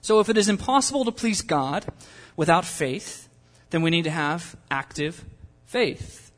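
A man's voice: on the high side, animated, unhurried, fairly bright tone, long reverb tail. A man preaching a sermon in a conversational way, building to impassioned pleas. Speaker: pastor.

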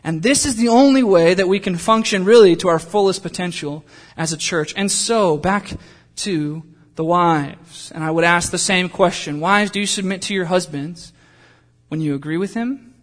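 Male pastor, high voice, fervent sermon delivery, swings from loud urging to quiet direct asks. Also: normal speed. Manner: emphatic preaching with rhetorical questions to the congregation; shifts between loud fervent passages and quiet pointed asides.

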